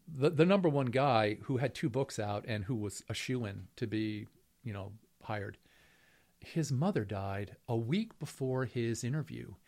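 A middle-aged professor with a mid-range, slightly mellow voice is being interviewed in a storytelling conversation. He tells a long story in a wry, rambling way, full of fillers and restarts.

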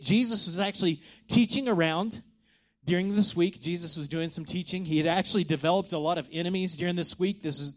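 A male pastor preaching a sermon in an animated manner, shifting between loud calls and hushed lines and asking the congregation questions. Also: high-pitched.

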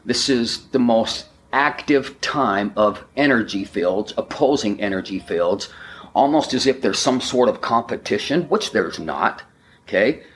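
Slow emphatic man giving a spiritual talk. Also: fairly low pitch, expressive, a little hiss or hum. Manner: slow, emphatic, repetitive affirmations. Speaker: spiritual speaker.

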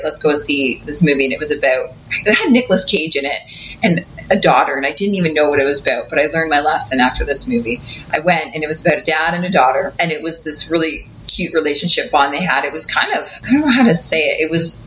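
Brief: woman, bright voice, emotional candid storytelling, slightly dull recording with faint hiss. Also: low voice. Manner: emotional, animated retelling with acted quotes.

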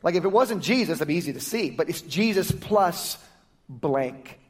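A male pastor giving a sermon in a conversational, lively style, often restarting phrases as he explains. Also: on the high side, moderate pace, soft background music. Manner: conversational, lively, self-correcting preaching. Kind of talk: sermon with prayer and Bible teaching.

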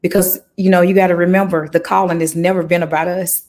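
A woman gospel recording artist, a guest in a conversational interview, telling her story with emotional, animated testimony. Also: on the low side, quick pace.

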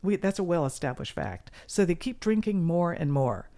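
A middle-aged woman talking as a guest musician in a casual interview, earnest and animated. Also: on the low side, moderate pace. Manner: earnest and animated, with sudden loud mimicry.

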